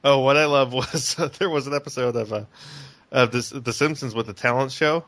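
A man's voice: medium pitch, brisk. A man co-hosting a podcast, chatting casually and reacting with lots of exclamations. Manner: excitable, reacts with frequent exclamations. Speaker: podcast co-host. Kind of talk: casual chat.

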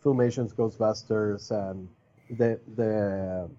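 A man's voice: on the low side, steady tone, slow, warm tone. A man whose first language is Spanish, hosting a podcast in casual chat, rambling and hesitant with many fillers. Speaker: podcast host. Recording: dull lo-fi podcast audio.

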